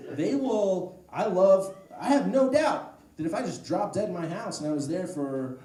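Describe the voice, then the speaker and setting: A man doing a stand-up comedy set, telling a rambling story with deadpan asides. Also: high voice, normal speed, a crowd in the background. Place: comedy club stage. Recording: echoey room, distant mic, noise. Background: audience laughter.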